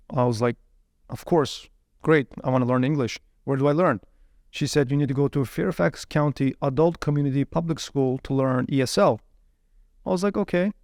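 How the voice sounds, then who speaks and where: A man telling his life story as an interview guest, animated, often repeating words while he searches for the next one. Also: medium pitch, creaky, no room sound, studio quality. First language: Uyghur.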